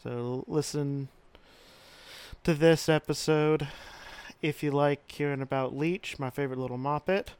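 A man hosting a podcast, giving a rambling, self-deprecating casual intro with halting restarts. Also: fairly high pitch, a little mellow, clean tone. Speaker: podcast host.

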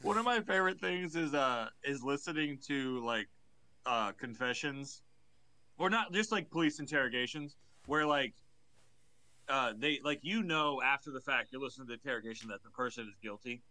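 Crude, rambling young male podcast co-host, bright tone. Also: medium pitch, animated, moderate pace. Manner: crude, rambling, swears a lot. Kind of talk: casual comedic chat.

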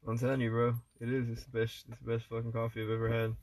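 A man co-hosting a casual podcast, swearing freely and getting loud while he tells stories. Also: medium pitch, monotone, fast, slight background noise. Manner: loud swearing storyteller, puts on voices for jokes. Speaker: podcast co-host.

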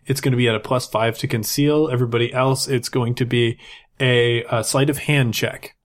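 A man running a tabletop role-playing game as game master, talking in a halting way with many restarts. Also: medium pitch, fairly even intonation. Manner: halting, full of restarts, puts on shouting stormtrooper voices.

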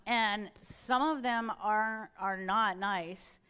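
A woman's voice: medium pitch, very slow, bright, forceful tone, smooth. A middle-aged woman, a church elder, giving an earnest sermon-style testimony and acting out her own inner dialogue as she tells her story.

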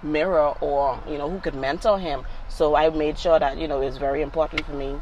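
A woman's voice: sits low, fairly even intonation, fairly quick, a little mellow, lo-fi sound, slight background noise. A middle-aged woman, a mother talking casually with her grown son, reflective and full of "you know" fillers. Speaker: guest, mother of the host. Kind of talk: casual conversation.

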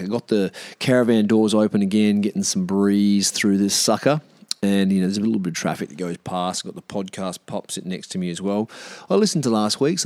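A man's voice: on the low side, darkish tone, no echo. An Australian man hosting a solo podcast rant from inside a caravan, blunt and swearing freely, with lots of "mate" and restarts as he thinks aloud. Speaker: podcast host. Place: in a caravan with the doors open.

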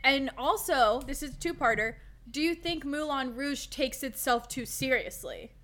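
A high, bright woman's voice on a casual podcast. She talks bluntly and rants with lots of swearing, and goes quiet between the outbursts. Her tone is sharp and animated. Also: normal speed. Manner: blunt, profane, animated ranting. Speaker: podcast co-host. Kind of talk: casual chat.

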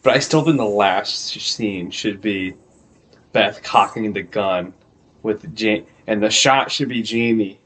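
A man co-hosting a podcast in casual chat, excitedly pitching dramatic scene ideas. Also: measured pace, breathy edge. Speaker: podcast co-host. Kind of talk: casual chat recapping a TV episode.

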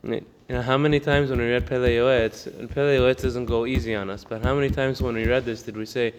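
Here the Torah teacher speaks at a medium pitch in a level tone, with a long reverb tail and slight background noise. In his easygoing class he reads the Hebrew fast, then explains it in English amid plenty of laughs.

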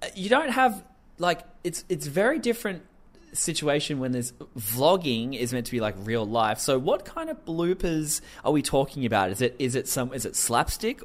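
A man hosting a casual commentary podcast, animated and profane, laughing often as he talks. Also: mid-range voice. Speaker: podcast host.

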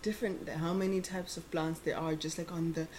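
A young woman in her twenties telling a story in casual chat, animated and laughing often. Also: low voice, a little fast, slight background noise.

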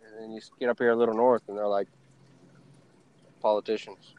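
A man's voice: fairly low pitch, level tone, brisk, dry recording, lo-fi sound. A man with a Southern US accent co-hosting a casual, profane, joking chat show. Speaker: podcast co-host.

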